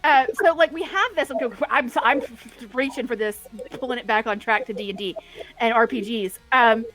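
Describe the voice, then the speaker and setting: High-voiced woman telling rambling stories. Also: normal speed, fairly bright tone, faint music behind. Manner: rambling, tangent-prone storytelling. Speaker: podcast co-host. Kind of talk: casual chat.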